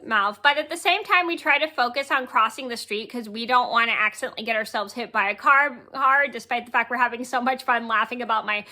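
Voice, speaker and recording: Late-20s woman vlogger, high bright voice, rambling casual story, frequent self-corrections and giggles. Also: brisk, few pauses. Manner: rambling, repeats words and corrects herself; giggles while telling the story.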